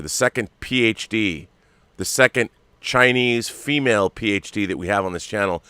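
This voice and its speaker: A man's voice: fairly low pitch, pushed and bright, clear, resonant tone, dry recording. A man from the United States co-hosting a casual chat show, teasing his co-host in playful banter.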